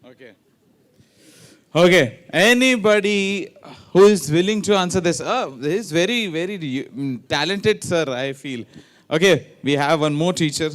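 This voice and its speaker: Animated and fairly high in pitch, a man speaks at a measured pace while hosting a quiz game at a ceremony in a large hall. He plays the teasing emcee, challenging teachers with tongue twisters in a playful mix of English and Hindi.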